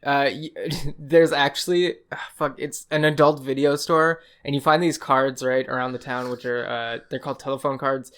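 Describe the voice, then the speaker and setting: A man's voice: mid-range voice, level tone, moderate pace, hardly any pauses, a bit bright, smooth. A young man co-hosting a podcast in casual chat, rambling and swearing as he retells game scenes with a laugh. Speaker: podcast co-host.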